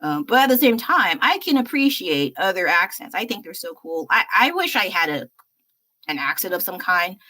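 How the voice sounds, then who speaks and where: A woman's voice: fairly low pitch, very animated, moderate pace, sharp tone. A young American woman livestreaming while she paints, chatting in a rambling, self-deprecating way with fillers and laughs. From United States. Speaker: livestreaming artist.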